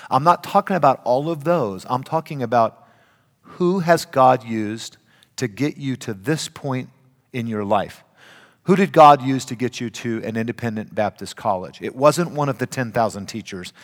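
An older man preaching a sermon, emphatic, swinging between loud and hushed. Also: lowish voice. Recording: reverberant hall.

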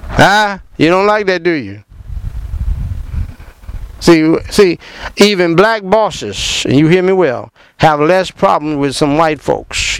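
A man with a high, smooth voice and vocal fry delivers impassioned, preachy commentary on a low-quality recording. He fires rhetorical questions at the listener and starts repeating words as he gets worked up.

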